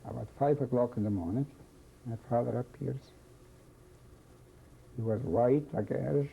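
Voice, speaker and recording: An older man from Czechoslovakia, telling his life story in an oral history testimony, halting and slow, repeating phrases as he remembers. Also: medium pitch, creaky. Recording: dull lo-fi recording, faint hiss.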